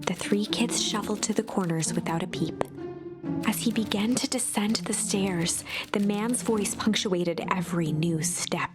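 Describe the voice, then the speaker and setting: Hushed woman narrating a storybook game. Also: medium pitch, measured pace. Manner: hushed, often near a whisper. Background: game music.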